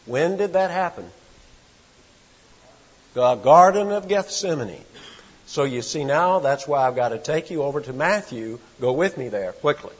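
Slow, husky preacher in a reverberant hall. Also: male voice, fairly high pitch, lively intonation, muffled recording. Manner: slow, dramatic emphasis with sudden swells. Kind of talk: expository sermon.

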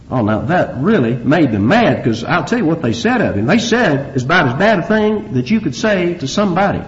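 Preacher man going through verses, kinda high voice that swoops all over, dull lo-fi sermon tape. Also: a little fast, few pauses. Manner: animated, emphatic, rhetorical questions. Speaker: pastor. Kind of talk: expository sermon. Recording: dull lo-fi recording.

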